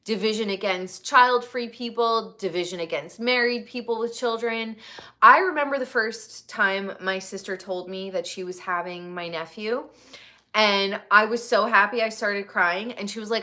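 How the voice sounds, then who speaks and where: A woman's voice: on the high side, normal speed, pushed and bright. An American woman in her thirties hosting a casual live stream, speaking candidly and swearing freely while talking to her chat. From United States. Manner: candid, profane, talks to chat viewers. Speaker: livestream host.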